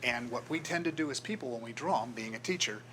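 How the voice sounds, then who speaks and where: An older man gives a relaxed talk to a club about his design work, slipping into the voices of the people in his stories. His voice is bright and forward, at an ordinary pitch. A faint hiss of background noise sits under the recording. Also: quick pace, poor audio. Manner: storytelling, acts out quoted voices. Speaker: guest speaker, graphic designer. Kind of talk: casual presentation to a club. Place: meeting room.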